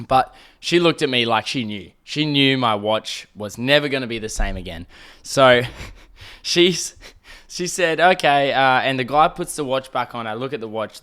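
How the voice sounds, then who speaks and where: A man's voice: mid-range voice, fairly bright tone. A young Australian man telling a long comic story on his podcast, rambling, swearing often and acting out the people in it. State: throat irritated by smoke. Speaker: podcast host. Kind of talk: casual storytelling monologue.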